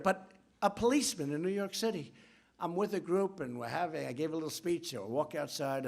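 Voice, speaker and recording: A man's voice: medium pitch, gravelly. A man giving an off-the-cuff speech at a signing event, rambling and boastful, with asides to people in the room.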